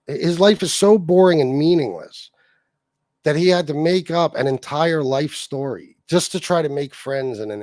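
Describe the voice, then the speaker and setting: A man's voice: a little high, a little mellow, no echo, studio quality. A man hosting a casual livestream, reading chat comments aloud and mocking someone with heavy profanity. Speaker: livestream host.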